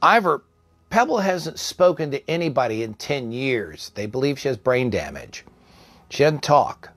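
A man voicing a woman supervisor, curt and impatient, giving flat, matter-of-fact orders. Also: mid-range voice, unhurried, no room sound.

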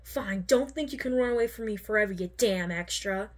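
A woman reading a fan story aloud, voicing a rude, hot-tempered teenage boy who snarls his insults loudly. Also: medium pitch, fairly quick, lightly acted. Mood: aggressive.

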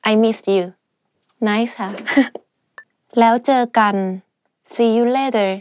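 A woman's voice: a little high, steady tone, moderate pace, a little mellow. A young woman teaching everyday phrases in a casual, chatty way, full of fillers and small laughs. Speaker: language teacher. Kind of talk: casual spoken language lesson.

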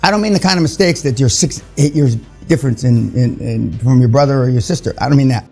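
A man's voice: mid-range voice, fast talker, gravelly, darkish tone, soft background music. A man in his seventies giving a blunt, crude and confrontational seminar talk to a room of people, with many fillers. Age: 70s. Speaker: seminar speaker. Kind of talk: profane motivational seminar talk.

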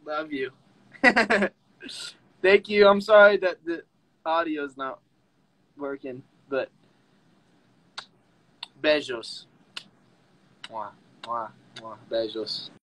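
A young man hosting a casual livestream with fans from home on a phone, chatty and excitable, often breaking into squeals and laughs. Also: on the high side, very slow, pauses often, slight background noise, poor audio. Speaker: livestream host talking with fans.

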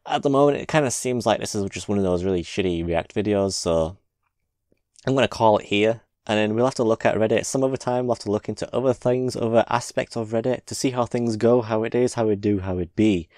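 Low-voiced man reacting with swears. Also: fairly quick, a little mellow, dry recording, clean studio sound. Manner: swears freely, laughs often, exclaims at clips. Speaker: reaction video host. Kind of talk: casual reaction commentary.

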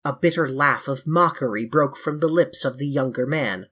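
A reader narrating a classic novel in a measured, even storytelling manner. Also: medium pitch, slightly rough. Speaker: audiobook narrator. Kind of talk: classic novel audiobook reading.

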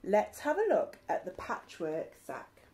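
A woman voicing a calm, unflappable boy captain in a storybook, speaking in a breezy, reassuring way. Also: medium pitch, measured pace, slight background noise.

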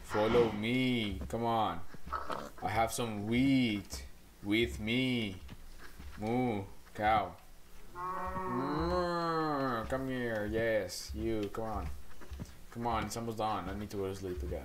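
A man's voice: lowish voice, slow, background noise. A man giving casual gameplay commentary as a channel host, rambling playfully and coaxing animals along.

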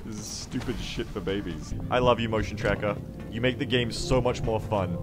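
A man streaming a strategy game, commentating sarcastically and jumping to excited yelps. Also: fairly low pitch, normal speed. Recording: game stream with music behind.

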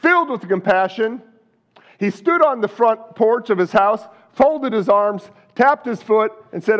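A man's voice: sits high, expressive, unhurried, dull audio. A male pastor preaching a sermon, telling a story with animation and asking the congregation questions.

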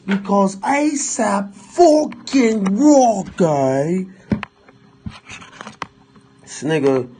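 A man's voice: sits high, lively intonation, warm tone, a little hiss or hum. A man hosting a casual livestream, mocking and profane, drawing out his words. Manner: profane, mocking, drawn-out delivery. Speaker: livestream host.

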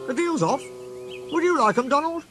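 A man's voice: very high voice, expressive, moderate pace, a bit bright, soft background music, voice pushed up. A man voicing a small, sly male tank engine who sounds innocent in a storybook tale.

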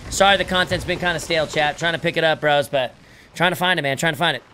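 A man streaming a video game, chatting casually with viewers and crew, relaxed and joking with plenty of swearing. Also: on the high side, fast, a little hiss or hum. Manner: laid-back, swearing, joking banter. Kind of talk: casual live-stream chat.

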